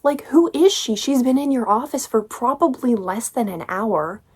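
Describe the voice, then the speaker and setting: A woman's voice: fairly high pitch, expressive, normal speed, breathy edge. A woman giving a casual, sarcastic book review, critiquing with exasperation.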